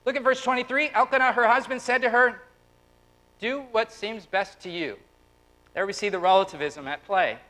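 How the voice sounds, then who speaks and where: Man, 30s, pastor, sermon, animated, conversational, high voice, bright tone. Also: moderate pace, rough recording. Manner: animated and conversational, acting out quotes, turning quiet and tender when personal. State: close to tears.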